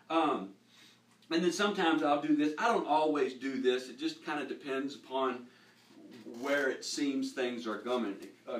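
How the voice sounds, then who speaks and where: A middle-aged man teaches a Bible lesson in a living room, talking casually and restarting his sentences with repeated words. His voice comes from across the room and rings off the walls. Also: medium pitch. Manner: animated, repeats words when starting sentences. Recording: echoey room, voice from far off.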